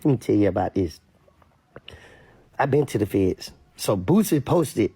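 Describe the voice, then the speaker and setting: A man rants in casual street commentary, his voice gravelly and husky and his pitch swinging widely as he talks. He repeats himself for emphasis. The recording sounds dry and close. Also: unhurried, long pauses, no room sound. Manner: animated, repetitive, mimics others in high voices.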